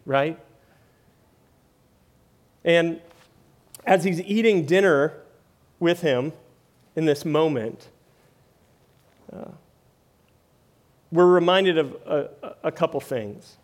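A man preaching a sermon in a conversational way, often tagging lines with "right?" and "like". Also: on the high side. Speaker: pastor.

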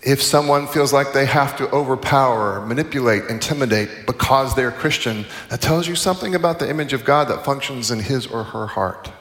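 A man's voice: medium pitch, fairly quick, few pauses, fairly bright tone. A middle-aged man giving a chapel sermon in a conversational, self-correcting way with humorous asides. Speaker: chapel speaker. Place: large chapel hall. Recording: echoey hall, distant mic.

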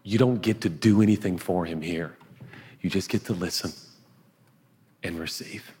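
A pastor preaching a sermon in an earnest, conversational way, now and then dropping to a hush. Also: male voice, deep voice, normal speed, husky, in a large hall. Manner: earnest, conversational preaching with sudden hushed asides. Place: large auditorium.

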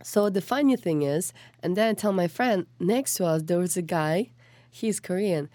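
A woman telling a story as a podcast guest, acting out quotes in a higher voice. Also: normal speed, no room sound. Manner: animated, acts out quotes with rising pitch. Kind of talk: casual storytelling.

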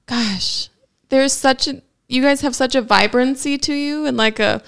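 Higher-voiced woman host with vocal fry. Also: unhurried, a bit bright. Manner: encouraging, reflective. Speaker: podcast host. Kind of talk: casual interview.

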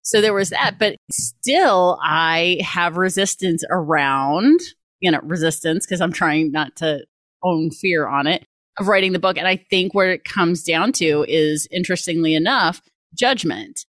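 Low-voiced, earnest woman, dry sound. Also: unhurried, a bit bright, dry recording. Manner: earnest and self-reflective, upbeat asides. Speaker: podcast co-host. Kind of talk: casual chat.

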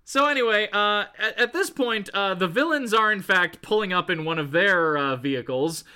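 Bright, lively male podcast co-host. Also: high voice, normal speed, clear, resonant tone. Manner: laughs often, reads comic lines in playful voices. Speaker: podcast co-host recapping comics. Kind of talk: casual chat.

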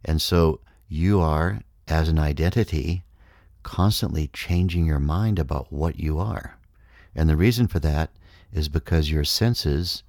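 Man, extremely low voice, measured explanatory manner, reflective spiritual talk. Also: darkish tone, dry recording, studio quality. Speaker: speaker on consciousness.

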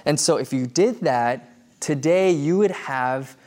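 A man's voice: a little high, slow pace, a little mellow. A man preaching a sermon in a conversational way, with many fillers and restarts. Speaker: pastor.

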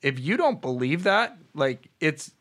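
A man's voice: fairly high pitch, sing-song, measured pace, fairly bright tone. A man hosting a podcast, reflecting on what his guest said and summing it up casually. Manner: reflective, summarizing, light laughter. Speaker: podcast host.

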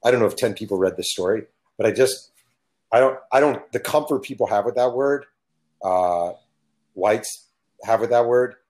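Emphatic, low-voiced middle-aged man. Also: moderate pace, darkish tone. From California. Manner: emphatic, blunt, storytelling. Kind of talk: casual chat.

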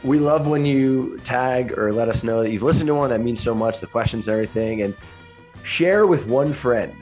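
A man's voice: medium pitch, normal speed, a little mellow, faint music behind. A man co-hosting a podcast, asking playful, teasing questions in casual chat. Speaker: podcast co-host.

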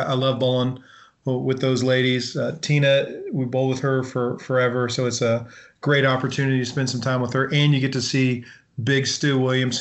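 A man co-hosting a podcast in easygoing casual chat, often laughing. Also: medium pitch. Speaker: podcast co-host.

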